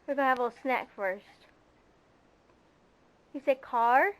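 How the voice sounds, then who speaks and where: A woman speaks to her toddler in a gentle, coaxing sing-song. Her voice sits well above the usual range for a woman. It's the patient, encouraging talk of a parent in a casual home recording. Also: sits high, measured pace. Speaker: mother. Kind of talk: home video baby talk.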